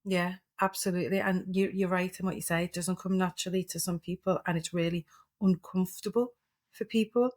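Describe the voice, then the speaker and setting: Earnest middle-aged woman coach, lowish voice with little lift, practical examples. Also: fairly even intonation, brisk. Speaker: therapeutic coach, podcast guest. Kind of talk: reflective interview talk.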